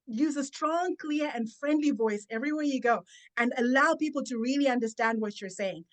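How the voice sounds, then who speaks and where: Woman coach on a podcast, fairly high voice, emphatic, slows down to stress points. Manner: emphatic, coaching tone with deliberate pauses. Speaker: confidence and public speaking coach. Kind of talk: guest giving advice in a podcast interview.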